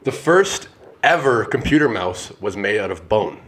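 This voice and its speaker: A man from Calgary in casual chat with friends, playful and quick to shout out answers. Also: on the low side, slight background noise. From Calgary, Canada. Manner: playful, bursts into excited shouts.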